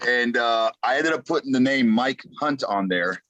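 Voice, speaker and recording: A man, a former wrestler, telling an animated story on a podcast, laughing between lines. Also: medium pitch, moderate pace, dry recording. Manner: animated, laughs as he tells stories.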